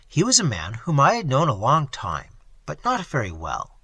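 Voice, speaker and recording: A man narrates a classic story with a bright, forceful tone and a slightly husky edge. His pitch rises and falls widely as he reads in a measured, expressive way. The recording is dry and close. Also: dry recording. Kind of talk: audiobook reading of a classic story.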